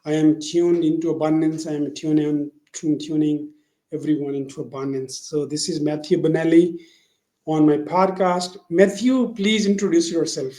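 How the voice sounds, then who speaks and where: A man hosting an interview podcast, effusive and halting, often restarting his sentences. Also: on the high side, steady tone, mellow, roomy sound. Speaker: podcast host.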